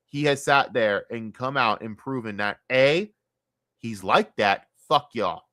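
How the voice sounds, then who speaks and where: A young man streaming a casual, profane and rambling sports rant, talking excitedly. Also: mid-range voice, a little slow, dry recording, studio quality.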